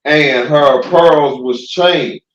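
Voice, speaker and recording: A man reading scripture aloud slowly, stumbling over words. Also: on the high side, fairly bright tone, echoey room, highs cut off. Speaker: scripture reader.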